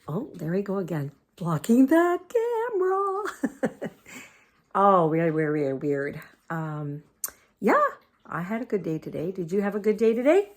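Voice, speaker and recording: A woman's voice: fairly low pitch, expressive, measured pace. An older woman chatting casually to her camera, laughing often and cooing at her dogs. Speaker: vlogger.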